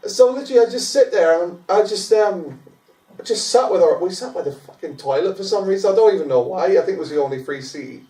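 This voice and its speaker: A young man telling a story in casual chat, animated, swearing freely and laughing often. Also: high voice, quick pace. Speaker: podcast guest. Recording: echoey room, mic at a distance.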